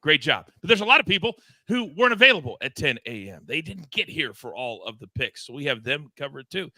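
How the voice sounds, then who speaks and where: A man runs a live sports betting show with loose, teasing banter. His voice is very bright and forceful, pitched a little high. The sound is dry and close. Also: a little fast, dry recording. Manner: lively, teasing banter with co-hosts and chat. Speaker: show host.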